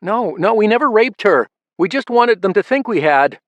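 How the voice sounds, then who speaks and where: A man's voice: sits high, expressive, moderate pace, fairly bright tone, no room sound, lo-fi sound, voice pushed up. A man voicing a frightened young grown son who pleads frantically. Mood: frightened pleading.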